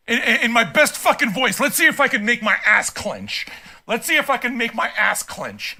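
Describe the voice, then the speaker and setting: An older man hosting a music reaction stream, ranting bluntly and swearing, often rising into shouts. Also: very high voice, sing-song, normal speed.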